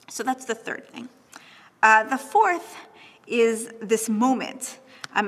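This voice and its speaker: A young adult woman lecturing on texts, thoughtful and animated, often checking in with "right?". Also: a little high, in a large hall.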